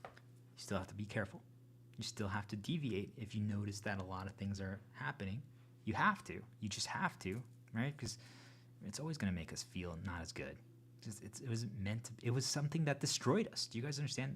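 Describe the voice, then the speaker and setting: An earnest man talks straight to his viewers in a loose, unscripted monologue. He rambles and restarts his sentences, and now and then his voice sinks to a hushed whisper. A faint hum runs underneath. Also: on the low side, animated, brisk. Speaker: channel host.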